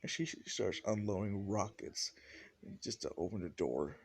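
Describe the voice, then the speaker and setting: A man casually improvising a fan-fiction story out loud, rambling with lots of "like" and restarts. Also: lowish voice, a little slow, breathy edge.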